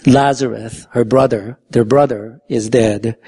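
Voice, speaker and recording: A man's voice: medium pitch, steady tone, unhurried, mellow, slightly rough. A man preaching a sermon, retelling scripture with some stumbles and restarts.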